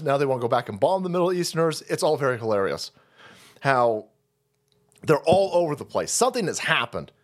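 A male livestream host rants with heavy profanity and sarcasm, breaking into laughs along the way. His voice sits a little high for a man. His pitch swings widely from line to line. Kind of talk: ranting livestream commentary.

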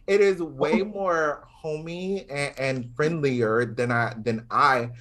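A man's voice: a little high, slow pace, fairly bright tone. A man from Georgia in the American South, hosting a casual podcast chat, playful and teasing. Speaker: podcast host.

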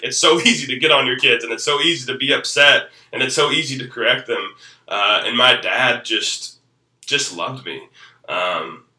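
A man's voice: medium pitch, pushed and bright, echoey room, far from the mic, rough recording. A man in his thirties, a pastor, telling a personal faith story in a reflective way, with many fillers and restarts. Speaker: executive pastor. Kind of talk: personal testimony.

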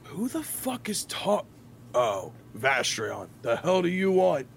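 A man voicing a gruff, irritable man possessed by a demon who swears bluntly and sounds exasperated. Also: on the high side, huge pitch swings, slow pace, full character voice. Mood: annoyed.

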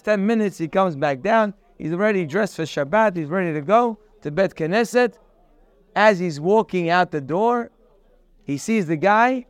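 Emphatic high-voiced man teaching Torah. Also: clean tone, no echo. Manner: emphatic, repeats key phrases, rhetorical questions; tells parables in a storytelling voice. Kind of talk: morning Torah class.

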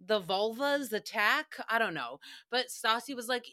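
A woman's voice: fairly high pitch, lively intonation, measured pace, bright, forceful tone. A woman hosting a podcast, recapping a show in casual, sarcastic chat and swearing freely. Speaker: podcast host.

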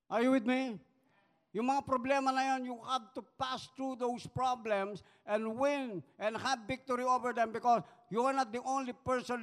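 High-voiced Filipino preacher in a hall. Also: male voice, fairly bright tone. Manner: switches between English and Tagalog, rousing and emphatic. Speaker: pastor. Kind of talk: sermon.

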